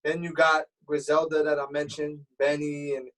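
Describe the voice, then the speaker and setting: A man's voice: on the high side, normal speed. Dj guy on a call, chill street talk, kinda far from the mic. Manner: relaxed, explanatory, streetwise talk. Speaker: radio DJ guest. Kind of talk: casual interview chat. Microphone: remote call.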